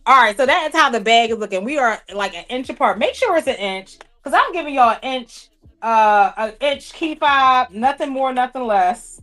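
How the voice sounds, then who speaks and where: Lively chatty woman sewing host. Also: high voice, normal speed, soft background music. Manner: chatty, playful, talks to chat and people off camera. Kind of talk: casual livestream chat while sewing.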